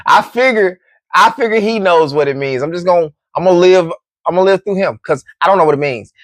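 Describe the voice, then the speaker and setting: A man's voice: high voice, quick pace, fairly bright tone, no echo, studio quality. A man hosting a casual football commentary show, laid-back and joking. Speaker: sports commentary host.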